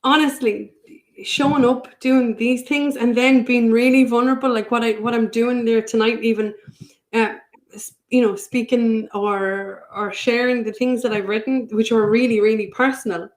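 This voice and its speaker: A woman's voice: fairly high pitch, steady tone, moderate pace. A woman, a podcast guest, speaking casually, teasing and laughing often. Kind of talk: casual conversation.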